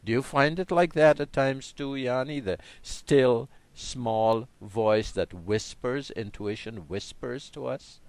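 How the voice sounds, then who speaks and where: A man in a reflective spiritual chat, talking in a slow, musing way and often dropping his voice to a quiet tone. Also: mid-range voice, no room sound. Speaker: co-host.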